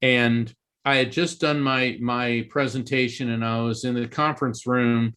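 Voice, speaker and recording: This Florida man, from the East Coast, is an author being interviewed, recounting a story with earnest animation and frequent sentence restarts. His mid-range voice is clean and a bit bright, with fairly even intonation and an unhurried pace.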